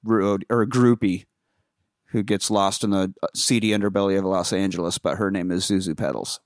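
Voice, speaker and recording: A man casually recapping a film for a podcast, swearing freely and breaking into loud yelled impressions of the characters. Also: low-pitched, fairly even intonation, brisk, no room sound, clean studio sound. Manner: acts out characters in loud yelling bursts. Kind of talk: casual profane chat.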